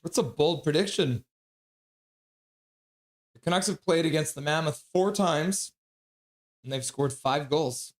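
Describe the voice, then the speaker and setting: A man's voice: on the high side, measured pace, pauses often. A man hosting a live hockey watch-along stream, joking around and greeting viewers from chat in a casual way. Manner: jokey, reads chat messages aloud and greets viewers.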